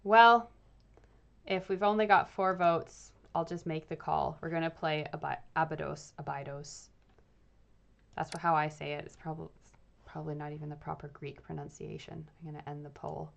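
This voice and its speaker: A young British woman, an archaeologist who hosts streams, chats casually with viewers while playing a game, thinking aloud and using lots of fillers. Her voice is deep and gravelly with fairly even intonation at a normal pace. The recording sounds muffled.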